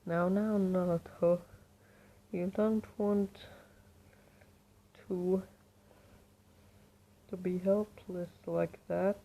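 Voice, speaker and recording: A woman voicing a calm, patient older male ninja teacher in a fan story reading, mild and soothing. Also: fairly low pitch, very slow, long pauses, full character voice, low-quality recording.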